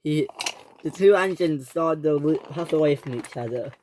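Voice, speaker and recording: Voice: mid-range voice, normal speed, noisy background. A narrator telling a toy train story in a dramatic storytelling style, switching into character voices. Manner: dramatic, breaks into character voices and sound effects.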